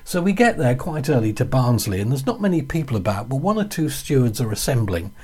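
A man with a Yorkshire accent, chatting through a lively anecdote as a guest. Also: medium pitch, brisk, slightly rough. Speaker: guest storyteller. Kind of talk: casual anecdote.

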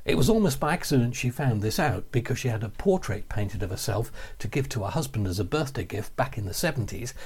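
An older man from England telling a radio anecdote, animated and slipping into other people's voices. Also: medium pitch, a little fast, few pauses, slightly rough. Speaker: radio storyteller. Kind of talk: anecdotal storytelling.

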